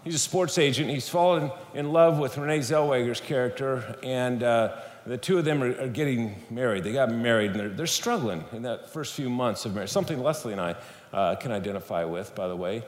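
A man's voice: mid-range voice, a little fast. A man preaching a sermon in a church, telling stories with humor and speaking to the audience directly. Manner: animated storytelling, playful, talks to the audience. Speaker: guest speaker at a church service. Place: church sanctuary. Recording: echoey hall, faint room noise.

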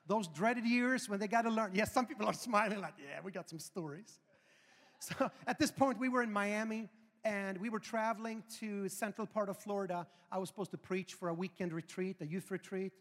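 A pastor in his forties telling a funny story in a sermon, animated and building to loud emphasis. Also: sits high, a little fast. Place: large church auditorium. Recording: reverberant hall with faint music.

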